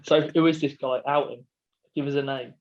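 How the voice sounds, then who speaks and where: A man bantering as a podcast guest, swearing freely and mocking people in put-on voices. His voice sits at an ordinary pitch. It comes through a dull, muffled remote line. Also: steady tone, moderate pace. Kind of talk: casual chat.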